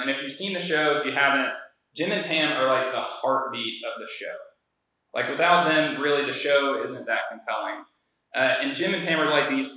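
A man's voice: medium pitch, pushed and bright. A young man giving a casual, conversational sermon, telling a story with many fillers. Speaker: preacher. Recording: very echoey room.

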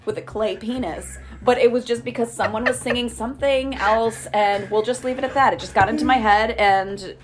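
A woman's voice: on the high side, a little fast, few pauses, crowd noise. A woman as a guest friend in a casual chat, talkative and rambling with a joking edge.

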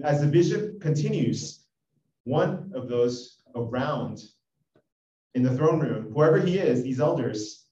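A man preaching an expository sermon, reading scripture with animated emphasis. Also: medium pitch. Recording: echoey, dull audio from a distance.

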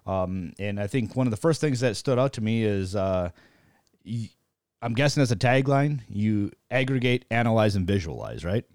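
A man's voice: fairly low pitch, lively intonation, normal speed, a little mellow, no room sound, studio quality. A man hosting a podcast in a loose, joking style, with frequent fillers as he introduces guests. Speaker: podcast host. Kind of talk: casual interview chat.

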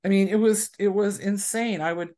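Chatty woman author, animated storyteller, everyday mid-range voice. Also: medium pitch, brisk. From USA. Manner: chatty storyteller who acts out quoted people. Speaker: romance author, guest. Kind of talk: casual interview chat.

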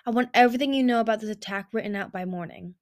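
A woman's voice: on the high side, rapid-fire, natural voice. A woman reading a storybook aloud, voicing a commanding female dragon queen in a curt, authoritative way.

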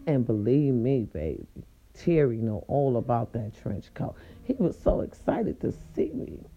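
Animated woman telling a story, dull lo-fi sound. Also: extremely low pitch, a little slow, slightly rough. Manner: animated, profane, talks to viewers directly. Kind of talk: casual storytelling to viewers.

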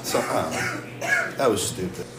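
A man's voice: deep voice, slow, noisy background. A man riffing through crude jokes and laughing at his own lines. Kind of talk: comedic riff. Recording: roomy audio with a crowd behind.

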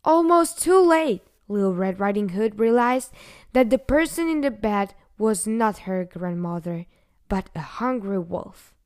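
A woman narrating a fairy tale in a gentle, unhurried storybook manner, sometimes dropping to a whisper. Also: medium pitch, animated.

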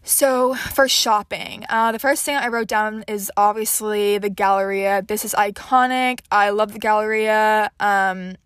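A woman's voice: mid-range voice, steady tone, unhurried, hardly any pauses, fairly bright tone, smooth, dry recording, studio quality. Chatty, scatterbrained nineteen-year-old woman. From Houston, Texas. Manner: chatty and scatterbrained, many fillers. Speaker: podcast host. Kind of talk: casual solo podcast chat.

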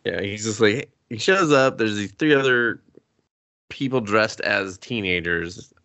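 Gravelly low-voiced man recapping anime. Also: measured pace. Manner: animated retelling with quoted character lines and laughs. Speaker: podcast host. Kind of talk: casual anime review chat.

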